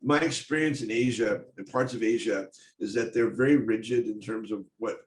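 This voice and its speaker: Halting man telling a story in an echoey room. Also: on the low side. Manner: halting, intense, many restarts. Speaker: speaker. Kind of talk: personal storytelling talk. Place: stage talk in a hall. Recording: echoey room, faint noise.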